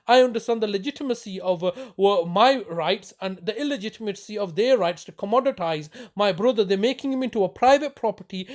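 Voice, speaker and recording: A man's voice: very high voice, darkish tone. A man with a British accent delivering an angry, accusing monologue, sarcastic and stumbling over restarts. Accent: British English. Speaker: complaining relative.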